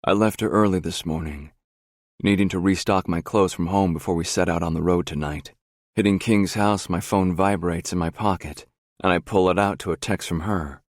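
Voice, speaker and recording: A young adult man narrating a first-person romance audiobook in a brooding, unhurried way on a close studio mic. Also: low voice, steady tone, no room sound.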